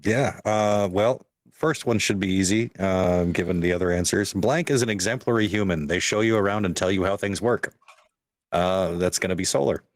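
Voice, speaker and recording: Male player, low voice, dry sound, halting delivery. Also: no room sound. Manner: hesitant, with fillers and restarts. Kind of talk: casual chat about his character.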